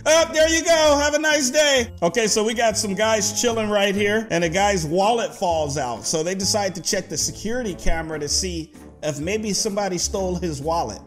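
A young man hosting a casual reaction video, laughing often and talking to his viewers. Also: high voice. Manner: laughs often, playful slang, addresses viewers as guys. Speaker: YouTube host reacting to clips.

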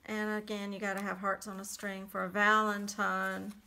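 Bright-voiced woman chatting through her journal. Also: mid-range voice, normal speed, a little hiss or hum. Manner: chatty, relaxed, many fillers. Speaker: crafter showing a handmade journal. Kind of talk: casual flip-through narration.

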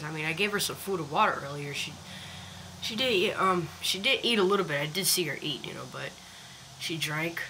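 A woman chats loosely about her chickens, circling back and restarting her sentences. She films on a phone outdoors beside the coop. Steady background noise is clearly heard behind her voice. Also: deep voice, a little fast, poor audio. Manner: rambling, many restarts and fillers. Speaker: backyard chicken keeper filming her hens. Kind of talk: casual phone vlog narration. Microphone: phone camera.

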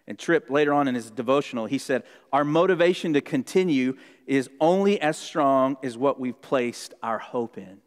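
A man preaching a sermon as pastor, earnest and repeating key lines for emphasis, heard in a church sanctuary. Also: fairly quick. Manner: earnest, repeats key phrases, shifts pitch for quotes. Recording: long hall reverb in a church.

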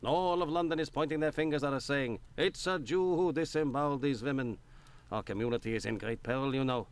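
A man's voice: medium pitch, a little fast, clean tone, natural voice. A man playing a guarded, earnest shopkeeper. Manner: earnest, explanatory. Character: Jewish man in Victorian London, guarded and earnest. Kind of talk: video game voice acting.

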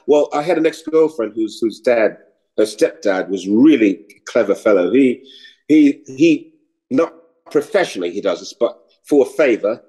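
Middle-aged New comic, chatty, animated raconteur. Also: male voice, mid-range voice, low-quality recording. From New York. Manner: animated storyteller, slips into mock British voices. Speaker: actor and comedian guest. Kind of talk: casual interview chat.

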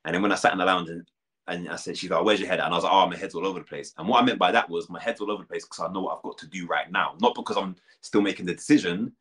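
Quick low-voiced British man, candid. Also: fairly bright tone. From United Kingdom. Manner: candid, quick, uses many fillers and restarts. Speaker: reality show contestant, guest. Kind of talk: casual interview chat.

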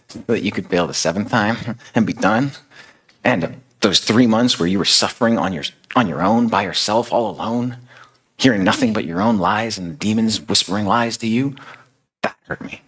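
A man's voice: lowish voice, a bit bright, husky, voice pushed up, heavily acted. A man voicing a loving, overjoyed male savior who speaks tenderly and reassuringly. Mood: earnest.

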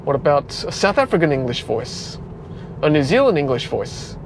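A car vlogger from Australia, his voice a little high and his pace moderate, chats casually inside a moving car over road noise. He sounds relaxed and talkative, leaning on many fillers.

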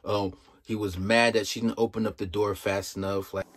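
A man's voice: fairly low pitch, little pitch movement, moderate pace. A young man giving casual, emphatic commentary, exasperated and full of rhetorical questions.

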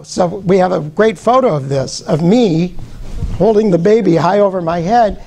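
Older man, high-pitched voice, guest speaker, joking, playful questions to the crowd. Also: animated, normal speed, vocal fry, warm tone. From Omaha, Nebraska, USA. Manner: joking, quizzes the audience. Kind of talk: humorous storytelling lecture.

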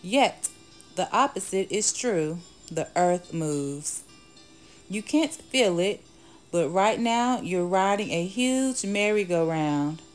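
A woman reading a nonfiction picture book aloud for children, in a clear and expressive storytelling manner. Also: medium pitch, slow, soft background music.

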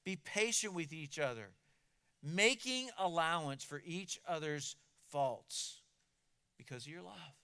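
Earnest high-voiced male preacher. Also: animated, slow pace, creaky, bright, forceful tone, clear, resonant tone. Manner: earnest, emphatic preaching with repeated words. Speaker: pastor. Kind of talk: sermon.

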